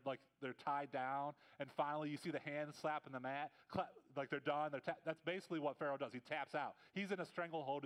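Clear-voiced male pastor telling a story. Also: mid-range voice, low-quality recording. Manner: conversational storytelling with voiced asides and restarts. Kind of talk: sermon.

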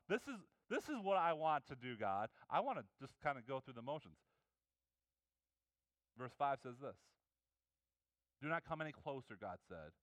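High-voiced man preaching a sermon. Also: a little fast, fairly bright tone, no room sound. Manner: earnest, conversational preaching with many restarts. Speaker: pastor.

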